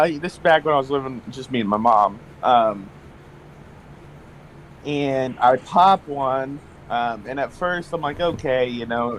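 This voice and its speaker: A man's voice: mid-range voice, a little hiss or hum, rough recording. A young man telling a personal story in a casual podcast chat, rambling with lots of fillers and restarts. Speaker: guest.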